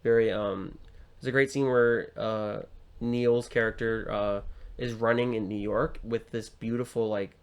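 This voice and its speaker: A man's voice: on the low side, fairly even intonation, a little slow, smooth, highs cut off. A young man co-hosting a podcast, chatting casually about a film with many fillers and restarts. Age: young adult. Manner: rambling with frequent fillers and restarts. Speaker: podcast co-host.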